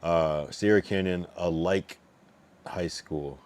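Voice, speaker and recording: A man's voice: low-pitched, takes it slowly, a little mellow, clear, resonant tone. A man in his late thirties, a livestreamer rambling in casual chat, swearing and answering his chat.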